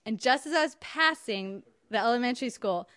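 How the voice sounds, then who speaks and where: A woman's voice: fairly high pitch, expressive, brisk, fairly bright tone, no echo. A woman telling a personal story in an emphatic, wry, indignant way. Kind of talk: personal story told to an audience.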